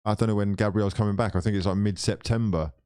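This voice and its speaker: A man hosting a live football watchalong. He swears freely, talks straight to his viewers and swings between frustration and excitement. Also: fairly low pitch, fast talker, clear, resonant tone.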